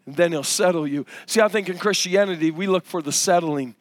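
Male pastor, 30s, high-voiced sermon delivery with shouted climaxes, dry close sound. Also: no echo. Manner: preaching with rising shouts and drawn-out phrases. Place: church ballroom.

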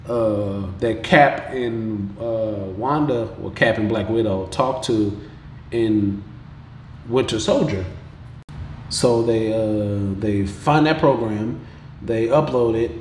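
A man tells a story in loose, slang-heavy talk and curses freely. His voice sits at a middle pitch and jumps up when he mimics characters. He sounds like he is in a roomy space with a faint hum of ambience behind him. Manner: slangy, profane, animated retelling with quoted voices. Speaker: podcast host. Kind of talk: casual episode recap.

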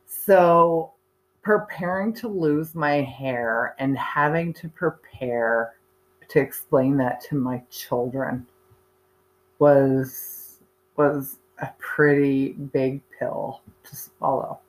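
A woman's voice: very deep voice, very slow, rough recording. A woman, in her thirties or forties, candidly telling a personal story in a chatty way with many fillers and restarts. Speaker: speaker sharing her cancer story.

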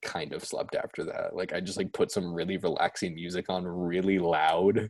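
Young male co-host, low husky voice, animated storyteller. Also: normal speed, no echo. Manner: animated, laughing, acts out quotes. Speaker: podcast co-host. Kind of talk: casual storytelling chat.

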